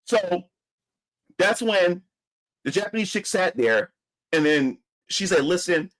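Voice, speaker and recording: A man's voice: high voice, lively intonation, takes it slowly, fairly bright tone, low-quality recording. A man from Philadelphia telling a story in a heated, profane, repetitive rant. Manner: heated, profane, repeats himself. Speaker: vlogger.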